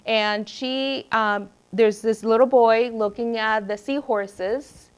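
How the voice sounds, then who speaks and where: A woman's voice: fairly high pitch, slow pace, smooth, lo-fi sound. A middle-aged woman educator presenting to teachers, telling classroom stories and acting out the voices she quotes. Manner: lively storyteller who acts out quoted voices.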